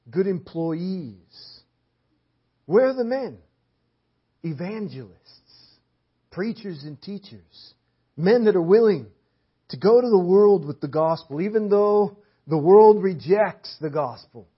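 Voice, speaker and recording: Hoarse guy preaching a sermon, earnest, hammering the same question over and over, muffled lo-fi church recording. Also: high voice. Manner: earnest, repeats rhetorical questions with rising emphasis. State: hoarse, clearing his throat. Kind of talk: sermon with Bible reading. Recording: dull lo-fi audio.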